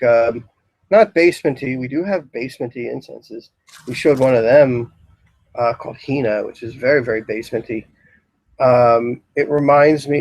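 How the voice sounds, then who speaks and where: A man giving a casual, rambling talk on incense in a shop, describing scents with many pauses. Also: medium pitch, a little mellow, no room sound, rough recording. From Philadelphia area, US. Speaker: incense store lecturer. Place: shop, indoors.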